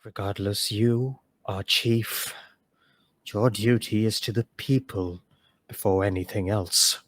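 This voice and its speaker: Serene motherly elf woman, slow and low-key, voiced by a man. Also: dry recording. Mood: calm. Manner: calm, measured, commanding. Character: calm maternal elf woman, commanding, serene.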